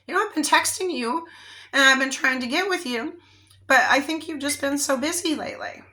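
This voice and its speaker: A woman's voice: high-pitched, a little fast, sharp tone, voice pushed up. A woman voicing an earnest young woman who speaks to her friends in a plaintive, pleading way, inside a spoken tarot reading.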